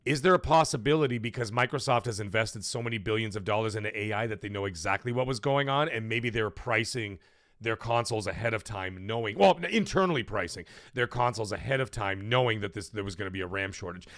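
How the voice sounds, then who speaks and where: A man's voice: lowish voice, lively intonation, brisk, a bit bright. A man hosting a casual live stream who jokes, swears loosely and reads viewer messages aloud. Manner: chatty, joking, loose and profane. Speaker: livestream host.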